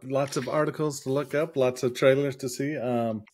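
A man's voice: mid-range voice, steady tone, moderate pace, darkish tone, no echo. A man co-hosting a casual tech podcast on a headset, easygoing and hedging his opinions with filler ums. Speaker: podcast co-host.

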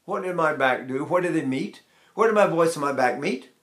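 An older male voice teacher with a slightly high speaking voice explains breath and posture. He keeps asking rhetorical questions and breaks into short sung vowels to demonstrate. The room has a noticeable echo. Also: expressive, a little fast, a bit bright. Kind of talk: vocal technique lesson.

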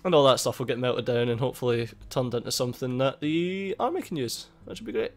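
A man giving casual, excitable gameplay commentary, swearing a lot and laughing at the game. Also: mid-range voice, fast talker. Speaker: gaming YouTuber. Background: faint game music.

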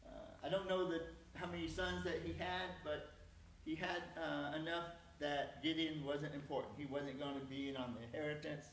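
A man preaching in a loose, chatty way, with a folksy, self-deprecating humor. His voice sits a bit high for a man. He is picked up from across the room, so the sound is distant, and a faint room hiss sits under the long church echo. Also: fairly even intonation, moderate pace. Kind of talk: sermon. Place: church sanctuary. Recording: echoey church hall from far off.

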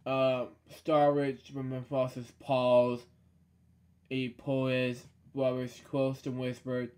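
A man reading a children's storybook aloud, stumbling over words and dropping sarcastic deadpan asides. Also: medium pitch, slow pace.

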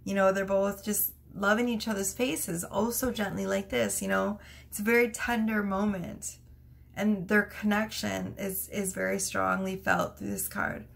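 A woman's voice: mid-range voice, little pitch movement, a little slow, vocal fry, a bit bright. A woman doing a casual tarot reading, chatty and prone to fits of laughter. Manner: giggly, chatty, laughs through her words. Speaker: tarot reader.

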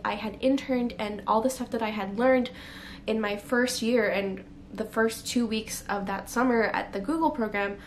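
In a personal confessional vlog, a young adult woman with a mid-range voice tells a candid, emotional story to camera, using many fillers and at times near tears. Slight background noise is present.

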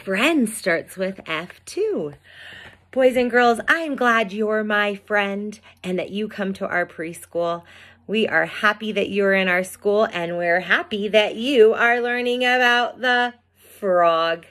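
A woman, a preschool teacher, reading a picture book aloud to young children and pausing for asides to them. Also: medium pitch, fairly bright tone. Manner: slow, drawn-out storytime voice with asides to the children.

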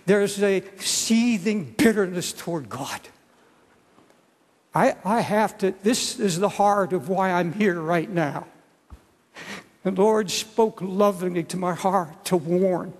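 An older man preaching a sermon as a pastor, earnest and halting, often restarting his words. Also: high-pitched. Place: large church. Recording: church hall reverb.

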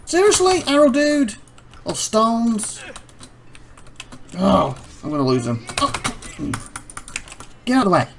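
Brief: lively, gravelly male gamer, shouts and groans at the screen as he plays. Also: high voice, slow pace, long pauses, background noise. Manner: exclamatory, frustrated, talks to the game. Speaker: let's play host. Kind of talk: live gameplay commentary.

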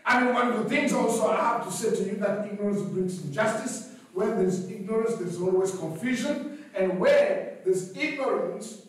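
High-voiced preaching man in echoey hall. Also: normal speed. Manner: emphatic preaching with call-and-response. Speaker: pastor. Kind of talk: sermon. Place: church hall. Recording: echoey church hall, distant mic.

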